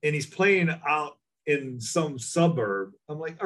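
Middle-aged male ex-coach guest, animated storyteller, slightly high voice. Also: takes it slowly. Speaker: former college basketball coach, guest. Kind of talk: casual chat.

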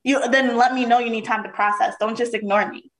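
A woman's voice: a little high, fairly even intonation, brisk, rough recording. A woman co-hosting a podcast, making her case in assertive casual debate and explaining at length. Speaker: podcast co-host.

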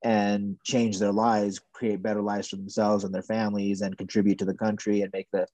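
Male guest with a warm, low-ish voice, halting chatty delivery. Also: little pitch movement, no room sound. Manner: hesitant, frequent "you know" fillers. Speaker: podcast guest. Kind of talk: casual conversation.

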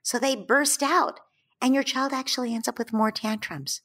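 A woman who is a parenting expert, explaining in a gentle, soothing way and slowing down to stress her points. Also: on the high side, steady tone, husky. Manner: gentle, soothing, slows down for emphasis. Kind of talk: calm explanatory advice.

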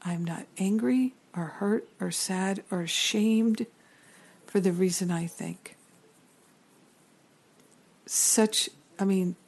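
Slow, mellow-voiced woman teaching spirituality. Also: fairly low pitch, gravelly, breathy edge. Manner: earnest, reflective, builds long lists.

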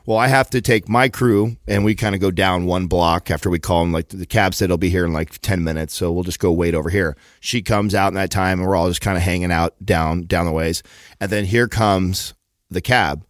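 A man's voice: low-pitched, brisk, no room sound. Guy telling a wild story on a podcast, swears a lot, dry close mic. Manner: profane, animated retelling with acted-out quotes. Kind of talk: casual storytelling.

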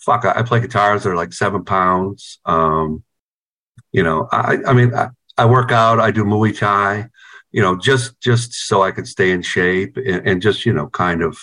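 A man with a fairly low voice spins loose, rambling stories on a video call, peppering every sentence with swearing and "you know." He sounds like a band guitarist chatting casually with an interviewer rather than giving polished answers. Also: steady tone, a little slow, bright, forceful tone.

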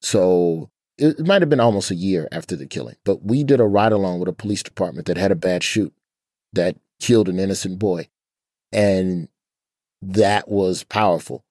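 A laid-back man from Alabama talks candidly, dropping casual slang. His voice is very low and a little husky. The sound is dry and close. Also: moderate pace, mellow, no echo. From Birmingham, Alabama, US. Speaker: comedian guest. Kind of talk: casual interview talk.

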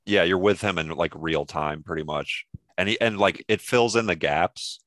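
A man's voice: sits low, normal speed, fairly bright tone, dry recording. A man co-hosting a podcast, chatting casually about a film in a laid-back way. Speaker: podcast co-host. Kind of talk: casual chat.

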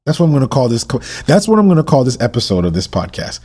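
A man hosting a Bible-reading podcast, emotional and passionate, who repeats rhetorical questions and swings between urgent and hushed delivery. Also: mid-range voice, very animated, fast talker, husky. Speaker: podcast host.

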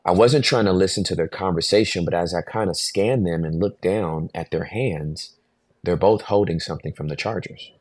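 Brief: man in his forties, very low voice, dry close sound, animated podcast storyteller. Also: normal speed, slightly rough, dry recording. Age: 40s. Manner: animated storyteller, acts out voices, laughs often. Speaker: pastor, podcast guest.

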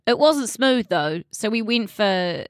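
A woman's voice: fairly high pitch, animated, slow pace, no echo, studio quality. A woman in her thirties, an interview guest, frankly and emotionally recounting her own experience with some swearing. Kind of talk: candid interview conversation.

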